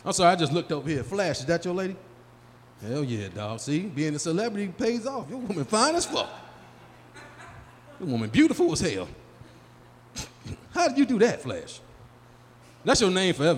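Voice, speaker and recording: A man in his forties doing a live stand-up set, working the crowd loudly and acting out his friends in high, excited voices. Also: normal speed, long pauses. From Chicago area. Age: 40s. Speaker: stand-up comedian. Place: small live venue. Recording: live room with long reverb and faint hum.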